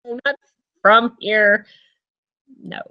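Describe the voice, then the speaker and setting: Chatty laughing woman, slightly muffled. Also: a little high. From North Carolina. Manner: laughs often, chatty and rambling. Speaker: interview host. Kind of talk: casual chat.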